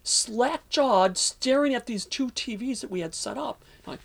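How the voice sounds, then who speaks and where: A man's voice: very high-pitched, measured pace, creaky. A man interviewee telling a long story in casual talk, rambling with many fillers and restarts.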